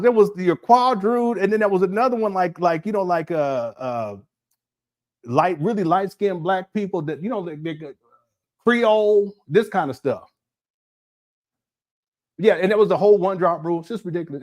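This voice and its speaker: A man, giving a loose, conversational monologue full of laughs and restarts. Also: sits high. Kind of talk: casual monologue.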